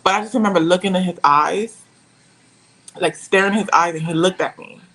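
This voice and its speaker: A young woman telling a painful personal story as a podcast guest, pausing and searching for her words. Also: on the low side, fairly bright tone, slight background noise, low-quality recording.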